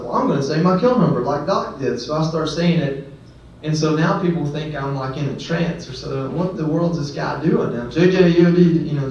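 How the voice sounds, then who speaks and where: A man's voice: mid-range voice, a little mellow. A man who is a guest speaker at a ceremony, telling a personal story in an earnest, conversational way with self-deprecating asides. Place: ceremony venue. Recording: echoey hall, distant mic, dull sound, faint background noise.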